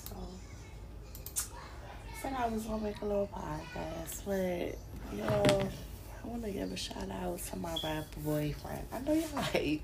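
Give me a woman hosting a casual podcast, slow-paced with a gravelly edge, laughing a lot and talking to her listeners. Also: mid-range voice, animated, heavy background noise. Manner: laughs often, talks to listeners as y'all. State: sore throat. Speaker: podcast host. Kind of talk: casual solo podcast commentary.

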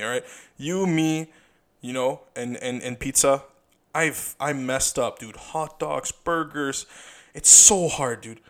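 A man's voice: mid-range voice, moderate pace. A young man hosting a casual solo podcast, rambling with lots of fillers and repeated "you know", swearing freely. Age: young adult. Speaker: podcast host.

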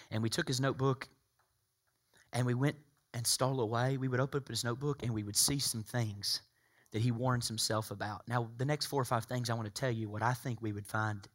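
A man from Tennessee, preaching a sermon as pastor. He swings from loud, emphatic preaching to hushed, intimate asides. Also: medium pitch. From Tennessee, USA.

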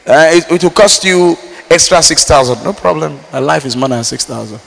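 A man from Nigeria preaching a sermon, swinging between loud emphatic lines and low quiet asides. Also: normal speed, gravelly. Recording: reverberant hall.

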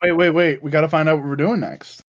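A man's voice: a little high, steady tone, fast talker. A man co-hosting a casual podcast, blunt and sweary, who often restarts his words. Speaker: podcast co-host. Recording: dull lo-fi sound.

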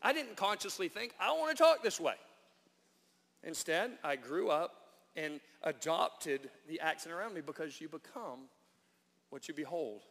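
Pastor, man, high voice; emphatic sermon delivery in a reverberant church. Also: moderate pace. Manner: prayerful and hushed in prayer, then animated and emphatic when preaching. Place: church sanctuary.

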